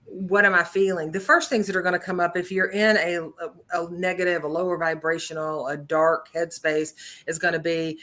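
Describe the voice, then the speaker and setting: Talk show co-host, woman, bright tone, earnest and reflective, lots of fillers. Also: fairly low pitch, fairly even intonation, moderate pace, hardly any pauses. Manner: earnest, thoughtful, many fillers. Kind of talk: casual talk show chat.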